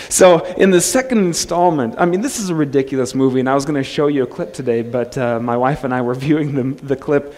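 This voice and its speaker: A male pastor preaching a sermon in a relaxed, conversational way, joking and restarting his phrases. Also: medium pitch, normal speed. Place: church sanctuary. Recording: long church-hall reverb.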